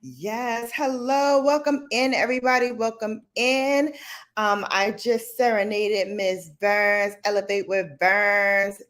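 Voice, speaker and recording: A woman's voice: medium pitch, steady tone, slow, a bit bright. A woman hosting a casual livestream from home, greeting viewers and chatting about her week. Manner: chatty, greets viewers, chants along to music. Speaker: livestream host. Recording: music in the background. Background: music playing.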